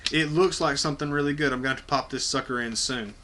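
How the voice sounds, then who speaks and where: A man's voice: medium pitch, quick pace, background noise. A man hosting a casual unboxing video, talking bluntly and enthusiastically with plenty of swearing. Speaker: video host.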